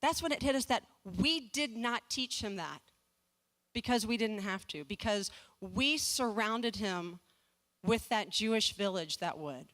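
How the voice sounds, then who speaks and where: With a medium-pitched, animated voice and a fairly bright tone, she speaks unhurriedly. She's a woman in her forties from the American South telling a comic personal story at a community fundraising talk, adding self-deprecating asides and repeating words as she restarts.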